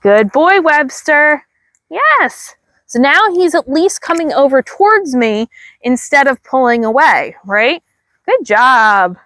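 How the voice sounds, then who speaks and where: Woman trainer, slightly high voice, dry close sound, calm teaching with sing-song praise. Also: a little slow, dry recording. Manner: calm explaining, bursts of high praise to the dog. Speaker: dog trainer. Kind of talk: instructional dog training demo. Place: outdoors.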